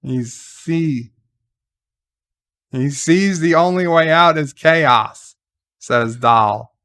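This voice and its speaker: Slow-talking man with a smooth voice. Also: fairly high pitch, fairly bright tone. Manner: halting, with frequent restarts and fillers. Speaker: TV episode reviewer. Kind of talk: casual recap of an episode.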